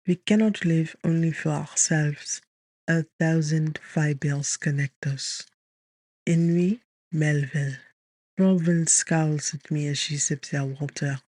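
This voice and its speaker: A man who hosts and narrates a romance audiobook series in a calm, measured, gentle storytelling manner, recorded close on a studio mic. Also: fairly high pitch, no room sound.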